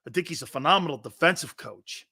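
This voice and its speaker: Sports talk host, middle-aged man: bright, high voice, animated storyteller who laughs a lot. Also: fast talker, husky. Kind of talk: casual sports talk show.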